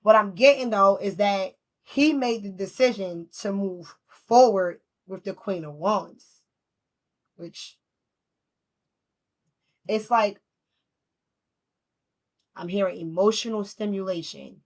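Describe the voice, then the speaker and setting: A woman's voice: mid-range voice, slow pace, long pauses. A woman giving a casual tarot reading at home. She is chatty, laughs often and swears freely. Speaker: tarot reader.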